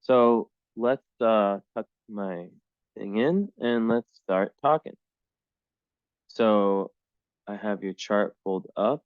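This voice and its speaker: Low-voiced rambling male astrologer. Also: slow, clean tone, no echo. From United States. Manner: rambling, full of "like" and "um". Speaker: astrologer giving a client reading. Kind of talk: casual one-on-one astrology reading. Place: small room in the downstairs of a house. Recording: dull, dry home recording.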